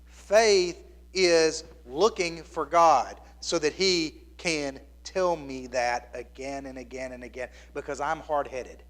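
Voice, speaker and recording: A man in his fifties preaching to his congregation with a slightly raised pitch. He talks plainly and conversationally, like he is sharing a personal story. At the most tender points his voice sinks to a hushed near-whisper. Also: slow pace. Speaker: pastor. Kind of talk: sermon.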